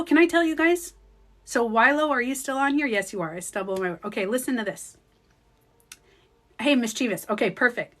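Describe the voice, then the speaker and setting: A woman's voice: on the high side, a bit bright. A woman talking casually and emotionally to her livestream viewers, emphatic, swearing now and then, often checking in with "okay?". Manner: addresses viewers by name. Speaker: spiritual vlogger.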